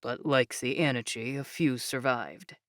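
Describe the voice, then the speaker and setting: A woman voicing a calm young man who patiently explains things in a low, measured voice. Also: dry recording, clean studio sound. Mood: explaining.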